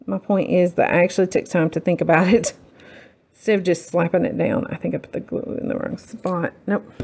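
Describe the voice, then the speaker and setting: A woman's voice: lowish voice, fairly even intonation, fairly quick, gravelly, a little mellow, slight background noise. A woman hosting a casual crafting tutorial, rambling and self-deprecating as she works. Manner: rambling, self-deprecating, talks while working.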